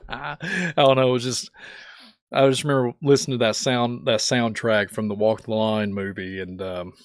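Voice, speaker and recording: A man with a sore, hoarse throat hosting a casual livestream, laughing often as he greets viewers in the chat by name. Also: mid-range voice, normal speed, no room sound, clean studio sound. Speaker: livestream host.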